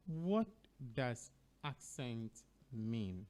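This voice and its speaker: A man with a Ghanaian English accent hosting an educational radio show, speaking slowly and deliberately and spelling words out letter by letter. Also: medium pitch, big pitch swings, a little mellow, clean tone.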